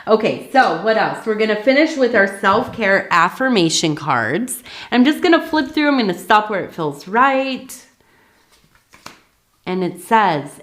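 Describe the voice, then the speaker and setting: A woman's voice: medium pitch, very animated, a little slow, a bit bright, roomy sound. A woman doing a casual ASMR tea leaf reading, talking in a chatty way with many fillers and asides.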